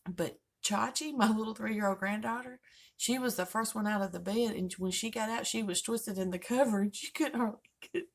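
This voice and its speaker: Folksy older woman with gravelly voice. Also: mid-range voice, a little fast. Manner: folksy, joking storytelling. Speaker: vlogger host. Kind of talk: casual chat.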